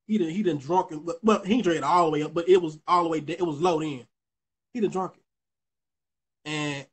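A young vlogger with a high, slightly breathy voice tells his viewers a story. His casual commentary rambles, includes profanity, and keeps restarting.

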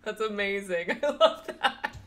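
A woman's voice: mid-range voice, animated, unhurried, a bit bright. A woman hosting a casual livestream chat in a bubbly way, laughing often. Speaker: host.

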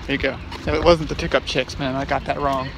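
A man's voice: mid-range voice, level tone, fast talker, a bit bright, a little hiss or hum. A middle-aged man vlogging on a hike, joking and teasing himself in a playful, casual way. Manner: joking, self-mocking, playful. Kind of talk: casual vlog chat. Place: outdoors at a state park.

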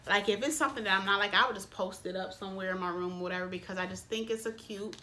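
Bright-voiced gushing woman vlogger. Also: mid-range voice, quick pace, slight background noise. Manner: gushing, excitable, addresses viewers as y'all. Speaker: beauty vlogger. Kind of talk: casual unboxing chat. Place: her bedroom.

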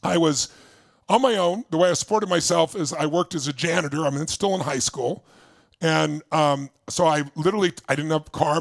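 An older man giving a motivational stage talk, telling his story with intensity, jumping between loud bursts and quiet asides. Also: a little high, creaky, no echo. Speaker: motivational speaker.

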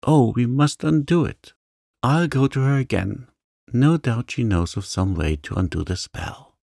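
A man's voice: medium pitch, measured pace, vocal fry, darkish tone, no echo, studio quality, pitched above the performer's own voice. Man voicing a distraught, remorseful young woman. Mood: anguished.

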